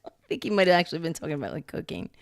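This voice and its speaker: Female podcast co-host, laughing and exasperated, low voice, dry close sound. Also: very animated, racing, vocal fry, dry recording. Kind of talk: casual chat.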